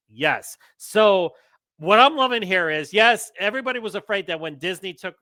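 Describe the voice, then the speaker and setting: A male podcast host with a bright, forceful voice that sits a little high. He talks in loose, excitable chat and slides into rants. The sound is dry and close. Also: moderate pace, no echo. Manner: excitable, ranting, swears. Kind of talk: casual news chat.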